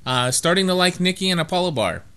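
A man's voice: high voice, lively intonation, fast talker, bright, forceful tone, clear, resonant tone. A man hosting a podcast in casual chat, rambling and joking at his own expense. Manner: rambling, self-mocking, jokey. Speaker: podcast host.

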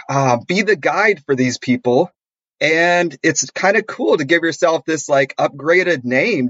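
A man co-hosting a podcast in casual chat, telling stories with lively acted-out dialogue. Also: a little high, no room sound, lo-fi sound. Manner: animated storyteller, acts out quoted dialogue. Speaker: podcast co-host.

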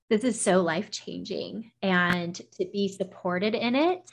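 A woman talking as a podcast guest, recounting a personal experience in an effusive, emotional way with many "like" fillers. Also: lowish voice. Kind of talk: personal storytelling in conversation.

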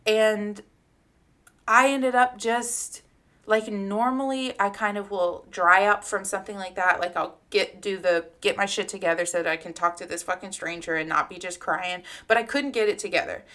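This podcast co-host has a mid-range, fairly bright voice with a steady tone and normal speed. She relates a personal story casually and warmly, peppered with fillers and some swearing.

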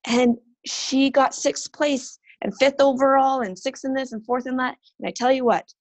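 A woman in her thirties speaks as a podcast guest. She talks earnestly and with animation, slipping into lively voices when she quotes others. The sound is dry and close. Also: sits high, normal speed, no echo. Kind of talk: casual interview talk.

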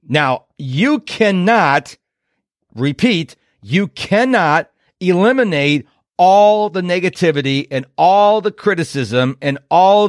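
A productivity coach in his fifties hosts a motivational podcast, speaking with emphatic, punchy delivery and acting out other people's voices. His voice is fairly high, and the recording is clean studio quality with no echo.

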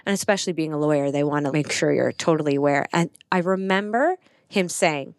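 A woman's voice: sits low, fairly quick, no room sound, clean studio sound. A woman, a podcast guest telling a personal story earnestly, with lots of "like" fillers. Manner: earnest, animated retelling with frequent "like" fillers.

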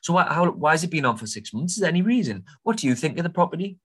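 A man's voice: on the high side, very animated, racing, breathy edge, voice pushed up, full character voice. A young man acting out an enthusiastic investor calling an estate agent, in a raised, chirpy voice. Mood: upbeat. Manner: bright, enthusiastic, upbeat.

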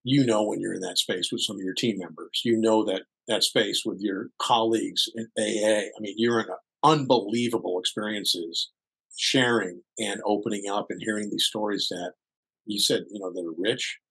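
A man's voice: lowish voice, fairly even intonation, moderate pace, vocal fry, a bit bright, husky. A man co-hosting a casual podcast, talking earnestly and loosely, often laughing, recorded in a hall. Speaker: podcast co-host.

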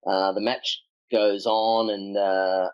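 A middle-aged tennis coach, a podcast guest, telling coaching stories in a relaxed, rambling way with frequent ums. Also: male voice, fairly low pitch, slow pace, clean tone, no echo, muffled recording. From Australia. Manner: animated anecdotes with acted quotes, frequent ums. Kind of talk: conversational storytelling.

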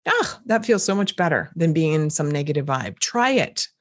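A middle-aged woman hosting a podcast at home, talking straight to the listener in a lively, coaching way about gratitude. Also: deep voice, moderate pace. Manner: animated, coaching, talks to the listener directly. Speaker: podcast host. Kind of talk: motivational podcast talk. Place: indoors at home.

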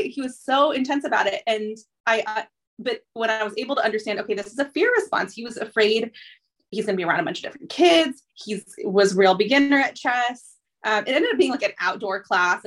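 A woman's voice: medium pitch, fairly bright tone. A woman in her thirties, a therapist hosting a podcast, talking things through in a thoughtful, reflective way with plenty of fillers. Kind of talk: casual conversation.

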